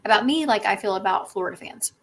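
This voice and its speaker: A woman's voice: medium pitch, expressive, fast talker, creaky, fairly bright tone. A woman, co-hosting a podcast in a chatty, opinionated way. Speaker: podcast co-host. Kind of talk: casual chat.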